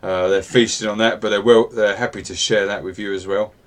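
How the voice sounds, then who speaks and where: Man, game master, low voice, relaxed rambling narration. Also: a little fast.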